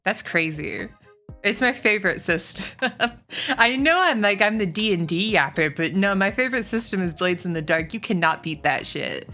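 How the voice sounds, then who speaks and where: Chatty woman streamer, bright voice. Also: medium pitch, moderate pace, soft background music. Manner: chatty, swearing, animated rants. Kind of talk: casual stream chat, reading chat.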